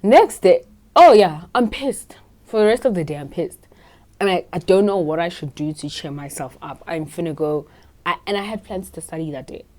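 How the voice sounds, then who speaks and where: A woman's voice: low-pitched, brisk, warm tone. A woman in her twenties, hosting a podcast and telling a casual story in a blunt, profane, self-assured way. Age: 20s. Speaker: podcast host.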